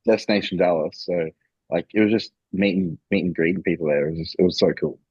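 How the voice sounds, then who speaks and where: Low, husky man, dull mic. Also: fast, dry recording. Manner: relaxed, says he is introverted. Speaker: podcast co-host, bodybuilder. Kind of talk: casual chat.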